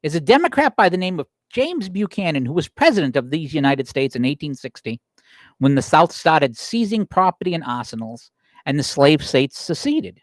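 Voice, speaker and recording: A male podcast host argues his case, with rhetorical questions and frequent self-corrections. His pitch swings widely as he presses each point. The sound is dry and close, with no room echo. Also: very animated, normal speed. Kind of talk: opinion commentary podcast, reading quotes aloud.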